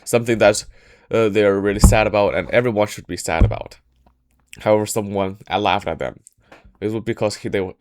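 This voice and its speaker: A man telling a history story in a casual podcast style, halting often and correcting himself mid-sentence. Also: fairly low pitch. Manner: halting, frequent restarts and self-corrections.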